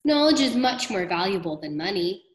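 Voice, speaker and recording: A woman voicing an excited, boastful schoolboy in a storybook reading, loud and high. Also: moderate pace, lightly acted. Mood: gleeful. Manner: loud, gleeful, high-pitched. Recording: roomy echo.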